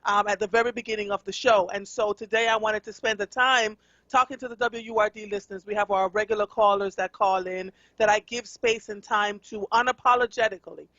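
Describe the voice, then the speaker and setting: A woman's voice: medium pitch, fairly even intonation, fairly quick, a bit bright, dry recording. A Jamaican woman talks to her listeners on live radio in an earnest, conversational way, with plenty of fillers along the way. The sound is dry and a little dull, like a studio microphone feed. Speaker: radio talk show host. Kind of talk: radio talk show monologue.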